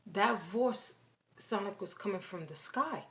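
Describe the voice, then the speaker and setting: A woman recounting a dream in casual spoken testimony, halting and repeating phrases with many restarts. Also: medium pitch, expressive, fairly bright tone.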